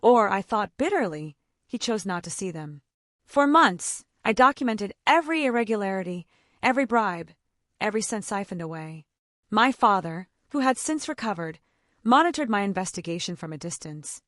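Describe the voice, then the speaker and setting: A woman narrates a scripted first-person drama with emphatic, dramatic delivery. Her voice sits at an ordinary pitch. The recording is dry and close, with no room sound. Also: big pitch swings, moderate pace, fairly bright tone, no echo.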